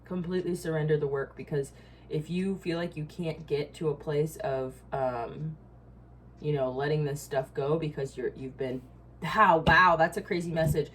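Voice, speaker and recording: Low-voiced, blunt, swearing woman. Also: fairly even intonation, normal speed, a bit bright, slight background noise. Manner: blunt, profane, frequent asides and laughs. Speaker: tarot reader. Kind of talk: casual collective tarot reading.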